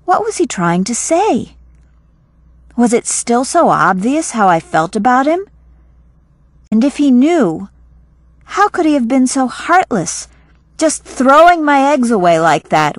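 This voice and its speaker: A woman reading a first-person novel aloud calmly and deliberately for listening practice. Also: a little high, no room sound. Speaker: audiobook reader.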